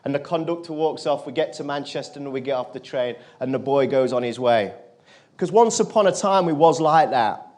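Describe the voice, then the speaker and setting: A man giving a motivational keynote, telling a personal story to a live audience and turning quiet in the emotional moments. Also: mid-range voice, moderate pace. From England. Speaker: motivational speaker. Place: conference stage.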